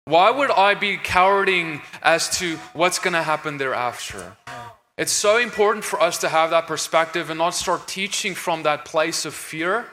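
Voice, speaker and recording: A man's voice: a little high, normal speed, sharp tone, faint music behind. A man speaking on a conference stage, earnest and emphatic, talking in a preaching tone with frequent restarts. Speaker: conference speaker on deliverance ministry. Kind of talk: stage discussion. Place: conference stage in a large hall. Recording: reverberant hall.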